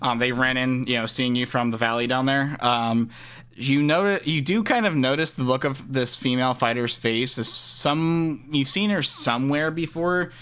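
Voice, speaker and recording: A man's voice: mid-range voice, moderate pace, a bit bright, clean tone. A man running a tabletop game as game master, describing scenes with many fillers and restarts.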